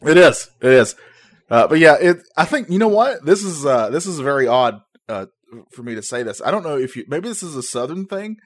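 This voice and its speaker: Man, non-native English speaker, podcast co-host, casual joking chat, lively pitch, dry close mic. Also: brisk, no echo. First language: not English. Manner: joking, laughs often. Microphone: new podcast microphone.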